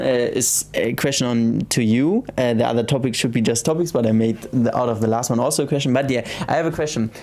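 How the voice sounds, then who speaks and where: A young German-accented man with a mid-range voice hosts a relaxed late-night livestream. He reads viewers' comments aloud and responds softly and hesitantly, frequently starting his sentences over.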